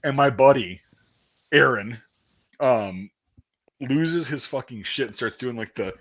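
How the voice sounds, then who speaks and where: A man telling a basic-training story in casual chat, profane and animated, acting out the quotes loudly. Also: mid-range voice, measured pace. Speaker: podcast host telling a story.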